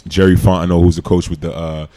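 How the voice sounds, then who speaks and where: A man, telling stories as a guest in a casual interview, animated and laughing often. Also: low-pitched, fast talker. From New York City. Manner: animated storyteller, laughs often, acts out quotes. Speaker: podcast guest, former football player.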